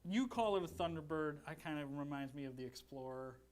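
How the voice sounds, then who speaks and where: A man playing basses on a live demo stream, relaxed and enthusiastic about the gear. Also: brisk, clear, resonant tone. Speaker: bass player demoing instruments. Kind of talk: live product demo chat. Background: bass guitar playing.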